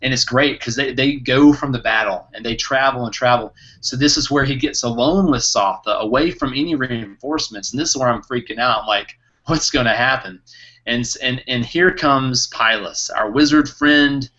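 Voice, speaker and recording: A man co-hosting a podcast, excitedly retelling a story in a casual book chat with lots of laughter. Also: medium pitch, moderate pace, few pauses. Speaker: podcast co-host. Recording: muffled lo-fi recording.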